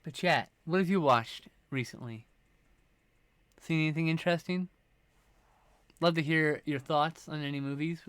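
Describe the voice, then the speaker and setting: Man, streamer, sleepy rambling chat with casual swearing; smooth, resonant tone. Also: a little high, moderate pace, pauses often, fairly bright tone, dry recording. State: sleepy, yawning.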